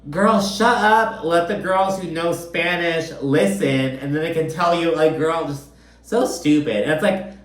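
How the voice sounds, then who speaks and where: A man's voice: fairly high pitch, unhurried. A man giving a casual, profane and gossipy recap of a reality TV episode. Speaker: recap commentator. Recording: echoey room.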